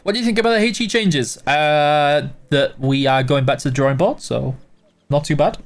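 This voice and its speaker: A man with a fairly high voice hosts a game livestream at a normal speed, sounding tired and yawning. While he plays, he reads chat questions aloud and answers them casually and offhandedly, using plenty of fillers.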